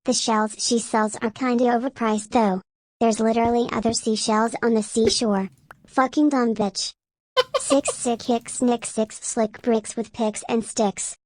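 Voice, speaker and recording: Female TTS voice for reading chat, steady machine delivery, a bit high and dry. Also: measured pace, no echo. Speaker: text-to-speech reader of chat messages. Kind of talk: synthetic read-out.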